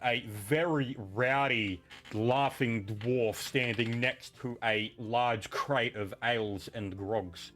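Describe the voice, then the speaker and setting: A man's voice: medium pitch, steady tone, slow pace, hardly any pauses, a bit bright, faint music behind. A man running a tabletop game as game master, narrating casually with lots of fillers.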